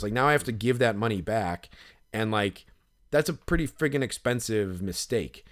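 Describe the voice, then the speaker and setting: A man's voice: medium pitch, moderate pace. A man co-hosting a podcast, telling a long casual story full of fillers, swearing and retold inner monologue. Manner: rambling, lots of fillers and profanity, animated when retelling. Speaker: podcast co-host.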